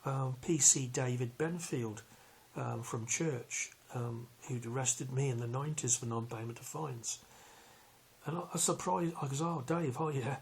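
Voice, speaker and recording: A man, telling a long personal story in a rambling, halting way with many fillers. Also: medium pitch, gravelly, a little hiss or hum. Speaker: vlogger recounting a police arrest. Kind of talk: casual storytelling.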